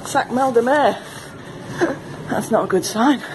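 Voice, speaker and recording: A woman, giving a chatty, animated walk-through of a ferry trip for her travel vlog. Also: on the high side, background noise. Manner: chatty, animated, quick to laugh. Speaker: travel vlogger. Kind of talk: casual walk-through commentary. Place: ferry car deck and cabin.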